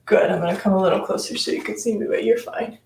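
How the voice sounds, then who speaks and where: A woman teaching a live-streamed yoga class, giving slow, calm cues between audible sighs and sounding a little out of breath as she demonstrates. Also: mid-range voice, gravelly. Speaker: yoga instructor. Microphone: camera mic at a distance. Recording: echoey room, voice from far off.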